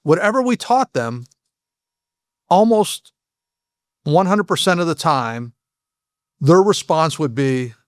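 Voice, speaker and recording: A man's voice: fairly high pitch, animated, no room sound, studio quality. A man who used to be an FBI agent, telling frank stories as a podcast guest and often restarting his sentences. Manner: frank, halting, with frequent restarts. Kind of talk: anecdotal storytelling in a podcast interview.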